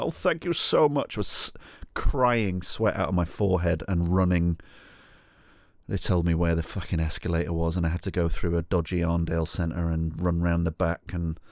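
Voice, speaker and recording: A middle-aged man tells a comic story alone at the mic, laughing at himself and swearing along the way. His voice sits on the low side. The recording is dry and close, with no room sound. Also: darkish tone, no room sound. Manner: self-mocking, sweary, acts out quotes in a high pleading voice. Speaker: podcast host. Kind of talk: solo comedic storytelling.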